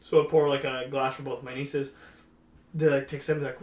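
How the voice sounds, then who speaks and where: Guy rattling off a story real quick, lots of "like", echoey room. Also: medium pitch, flat delivery, darkish tone. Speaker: podcast co-host. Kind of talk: casual chat.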